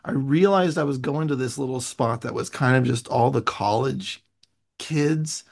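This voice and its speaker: A man hosting a casual chat, telling travel stories with quick asides and laughs, over a video call. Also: medium pitch, gravelly. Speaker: host.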